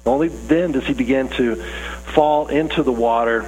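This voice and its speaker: A man's voice: mid-range voice, moderate pace, darkish tone, in a large hall, slight background noise, poor audio. A man preaching a sermon in a conversational, earnest way, often asking his listeners questions. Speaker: pastor.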